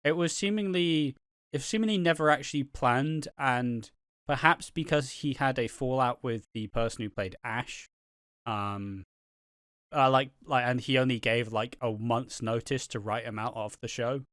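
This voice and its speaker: A man's voice: medium pitch, moderate pace, a bit bright, clean tone, no room sound, studio quality. A man hosting a casual review podcast, rambling with many fillers and the odd swear word. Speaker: podcast host reviewing a soap opera. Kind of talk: casual chat.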